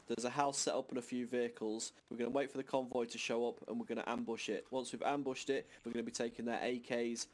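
A man's voice: medium pitch, quick pace, few pauses. A man leading his squad in a military game, giving a rambling, casual briefing over voice chat with a headset. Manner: relaxed, rambling orders with fillers.

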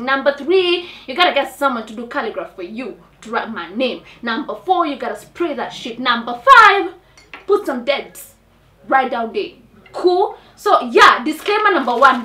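A young woman with a Kenyan accent telling a comic personal story in a dramatic, animated way. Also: high-pitched. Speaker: storyteller on a talk show. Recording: echoey room, mic at a distance.

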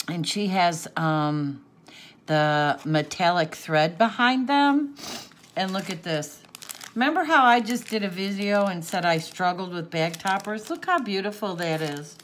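In a relaxed unboxing chat, an older woman from a craft channel gets emotional over a gift, sniffling through tears, gasping, and laughing as she gushes. Her voice sits on the low side with a fairly bright tone and a slightly slow pace, against slight background noise.

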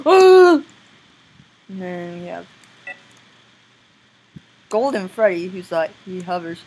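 A young woman giving casual gameplay commentary, excitable and squealing now and then, often breaking into silly voices. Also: fairly low pitch, slow pace, pauses often, slightly rough, low-quality recording. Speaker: gameplay video maker.

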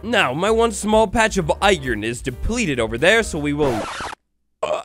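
A man narrates his gameplay in a bright, high, very animated voice, sliding from squeals to mock-grumpy lows. His commentary is upbeat and jokey, full of playful theatrics. Faint music sits quietly behind him. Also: moderate pace. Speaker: Minecraft let's play host.

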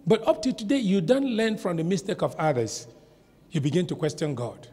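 High, animated preacher in a reverberant hall. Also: male voice, breathy edge. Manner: preaching with sudden shouts and dramatic slow stretches. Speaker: pastor. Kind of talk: sermon.

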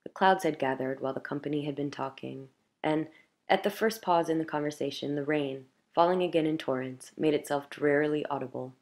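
A woman reading a classic short story aloud in a measured, clear narration. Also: low-pitched, darkish tone. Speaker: audiobook reader.

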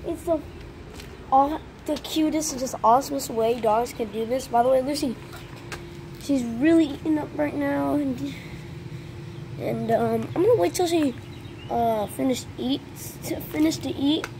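A high-pitched woman talks into a phone held in her hand, out in a backyard by a pool. Her talk is casual and rambling, and she turns aside now and then to speak to her dog. A faint noise sits under the outdoor recording. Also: measured pace. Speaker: vlogger. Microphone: handheld phone.

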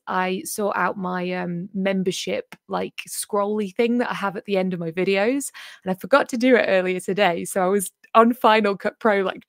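A woman's voice: medium pitch, dry recording, studio quality. A woman hosting a casual livestream, chatty and full of fillers as she talks to her viewers. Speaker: livestream host.

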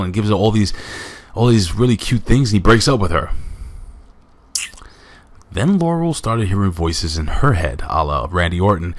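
Low-voiced male reviewer, loose and chatty, filler-heavy recap with frequent viewer asides. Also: animated, moderate pace. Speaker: wrestling show reviewer. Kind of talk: casual spoken recap.

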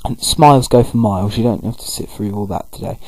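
A man's voice: fairly low pitch, brisk, dry recording, poor audio. A man giving loose, rambling commentary over a video game playthrough. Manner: rambling, loose, full of fillers. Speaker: gaming video host. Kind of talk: casual let's-play commentary.

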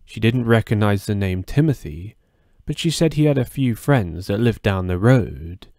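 Brief: male horror narrator, low gravelly voice, dry close sound. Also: expressive, moderate pace, darkish tone, no room sound. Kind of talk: first-person horror story narration.

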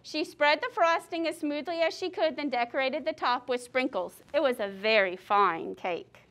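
A woman teacher reading a picture book aloud to children, lively and asking the class questions along the way. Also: sits high, normal speed.

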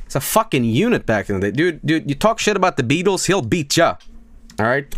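Excitable, profane male streamer. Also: a little high, brisk, no echo. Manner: excitable, profane, laughs often. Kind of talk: casual live stream chat.

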